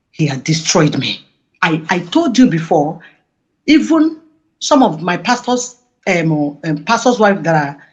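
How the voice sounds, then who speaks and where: A woman giving an emotional interview, speaking passionately and halting with many restarts. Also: mid-range voice. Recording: dull lo-fi audio.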